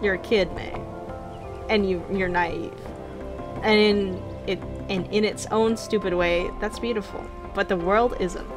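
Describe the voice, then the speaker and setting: A woman's voice: medium pitch, fairly even intonation, unhurried, natural voice. A woman reading a stern, ominous cop. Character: stern watchful woman police officer, ominous. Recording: game music behind voice.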